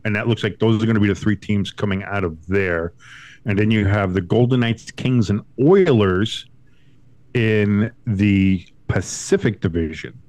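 A man co-hosting a casual sports podcast from home, talking in an animated, profane way and mocking others in high put-on voices. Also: no echo. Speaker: podcast co-host.

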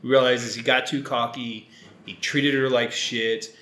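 A man's voice: medium pitch, measured pace, roomy sound. A man co-hosting a podcast, chatting casually about a film and retelling scenes with lots of swearing. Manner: profane, animated retelling of scenes. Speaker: podcast co-host. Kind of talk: casual film review chat.

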